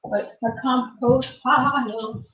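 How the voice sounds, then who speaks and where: A woman with a somewhat high voice chats casually through a live cooking stream. She narrates each step out loud, talking half to her viewers and half to herself while she works in a home kitchen. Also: fairly even intonation, slow, low-quality recording. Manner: chatty, talks to herself while cooking, sings and playfully whines. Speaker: cooking channel host.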